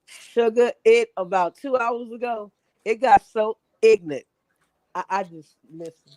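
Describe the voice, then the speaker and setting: A middle-aged speaker, chatting animatedly on a live stream and repeating phrases for emphasis. The voice sits at a middle pitch and sounds dry and close. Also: a little slow, no echo, low-quality recording. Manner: animated, exaggerated repetition. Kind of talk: casual chat.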